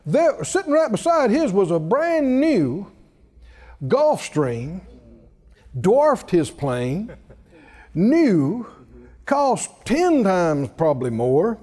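Animated preacher man in a reverberant hall. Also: high-pitched, very slow, pauses often. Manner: animated storytelling with laughs and rising exclamations. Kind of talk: sermon.

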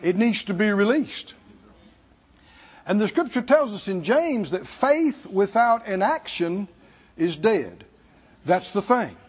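A man preaching a sermon to a congregation, speaking slowly and pausing for asides to his listeners. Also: high voice, sing-song, husky. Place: church hall. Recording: dull sound in a hall with long reverb.

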